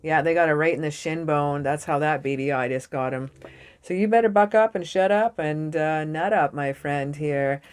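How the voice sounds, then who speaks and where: An excitable young woman reads tarot cards in a loose, jokey way, swearing as she goes. Her voice sits a little low for a woman. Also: moderate pace, clear, resonant tone. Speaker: tarot reader. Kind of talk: casual tarot reading to camera.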